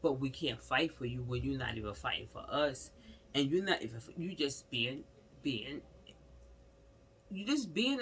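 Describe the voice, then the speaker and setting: Male vlogger, casual rant-style commentary, gravelly with some fry, keeps repeating himself. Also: medium pitch, very animated, a little slow, a bit bright, a little hiss or hum. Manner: rambling, repetitive, exclamatory, talks straight to the subject.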